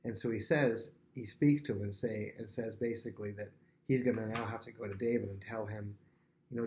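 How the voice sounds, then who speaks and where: A young Bible teacher gives a casual, chatty lesson in a fairly low voice at a brisk pace, with a little hiss or hum in the audio. He's full of fillers and restarts and acts out the dialogue with animated voices.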